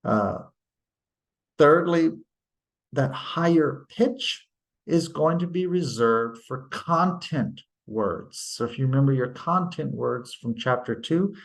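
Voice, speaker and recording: A man's voice: medium pitch, expressive, vocal fry. A male teacher giving a recorded lecture, explaining patiently and stopping to act out example sentences. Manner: slow, deliberate, explains patiently with tag questions; demonstrates intonation by acting out sentences.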